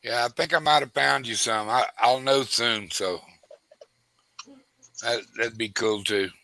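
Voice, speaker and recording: Guy rambling thru a hunting yarn, bright voice, dry close sound. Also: medium pitch, measured pace, vocal fry, no echo, rough recording. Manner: rambling storyteller with frequent restarts, acts out quoted voices. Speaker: host. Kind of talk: casual hunting story chat.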